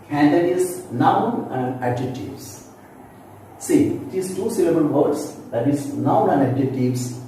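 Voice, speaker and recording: A man teaching phonetics in a video lesson, explaining slowly and repeating himself with many asides. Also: medium pitch, warm tone. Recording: very echoey room, distant mic, faint noise.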